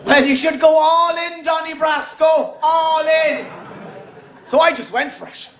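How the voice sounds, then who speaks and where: High-voiced Irish storytelling comedian. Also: male voice, steady tone, unhurried, noisy background. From Ireland. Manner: storytelling, emphatic, profane. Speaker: stand-up comedian. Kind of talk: stand-up comedy routine. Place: comedy stage. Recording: echoey venue.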